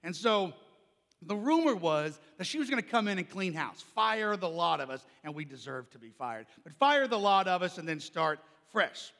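A man preaching a sermon, telling a lively personal story with a loud, carrying voice. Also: high voice, moderate pace, vocal fry, long reverb tail. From Oklahoma. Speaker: pastor.

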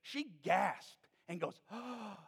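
High, gravelly preacher in a reverberant hall. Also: male voice, measured pace. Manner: animated, storytelling preacher who rises to emphatic peaks. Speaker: pastor. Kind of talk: sermon. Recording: long reverb of a large hall.

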